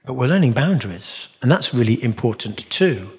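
Earnest middle-aged male Christian teacher, animated storyteller, recorded in a reverberant hall. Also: mid-range voice, moderate pace, slightly rough. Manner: earnest, acts out voices in stories. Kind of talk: teaching talk at a church conference.

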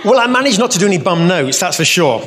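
A man with a high, sing-song voice talks quickly, his tone a bit bright, with a little hiss or hum in the background. As a Catholic speaker and musician, he answers audience questions in a storytelling talk, earnest and rambling with many asides. The sound carries the echo of a reverberant hall.

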